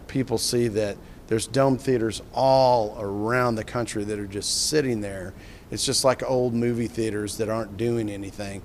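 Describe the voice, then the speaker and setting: A middle-aged filmmaker telling an enthusiastic, rambling story in an interview, with frequent restarts. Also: male voice, fairly low pitch, darkish tone, slight background noise.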